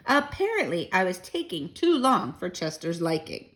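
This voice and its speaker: Lively woman reading a children's book. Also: on the low side, normal speed. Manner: gentle, chatty with young listeners. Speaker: children's story reader.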